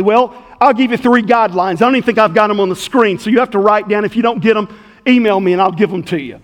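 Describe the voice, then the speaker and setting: A man's voice: sits high, fast talker, in a large hall. A middle-aged man pastoring a church, giving a folksy, conversational sermon with stories.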